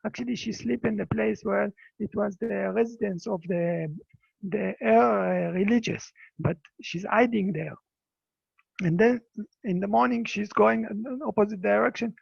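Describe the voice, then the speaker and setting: Male Buddhist teacher, halting storytelling English; high, dry voice over a lo-fi video call. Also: creaky, husky, dry recording. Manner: halting non-native English, repeats words. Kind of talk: dharma talk storytelling. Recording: dull lo-fi video call audio.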